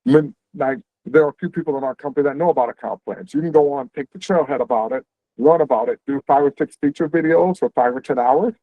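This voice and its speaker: A man hosting an info session on a video call, explaining career paths quickly and conversationally, checking in with "right?". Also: a little high, dry recording. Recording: tinny, phone-like dry audio.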